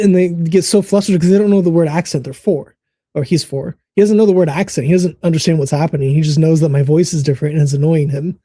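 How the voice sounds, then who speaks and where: An American man in his thirties, co-hosting a casual podcast and telling stories in a relaxed, rambling way with fillers and laughs. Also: a little high, fast, no echo, studio quality. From United States. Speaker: co-host.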